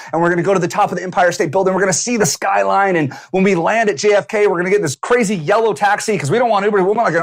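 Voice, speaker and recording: High-voiced, punchy male business coach. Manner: punchy, animated, casual swearing, acts out quotes. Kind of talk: energetic motivational talk to camera. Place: San Diego.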